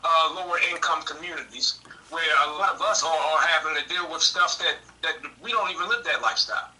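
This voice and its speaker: A man's voice: a little high, a little fast, bright, forceful tone, far from the mic, poor audio. A man speaking as a campaign manager on a political podcast, earnest, often repeating and restarting his words.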